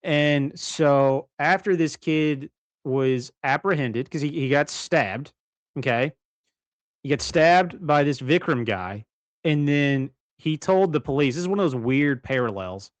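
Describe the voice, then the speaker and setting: Co-hosting a laid-back bedroom livestream, this man speaks with a fairly high, animated voice at a measured pace. His talk wanders, full of restarts, self-corrections, and frequent laughter, captured on a dry recording.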